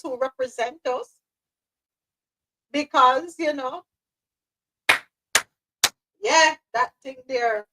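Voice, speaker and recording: A woman's voice: a little high, a bit bright, low-quality recording. A woman hosting a live news podcast, speaking passionately and repeating phrases for emphasis. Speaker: host.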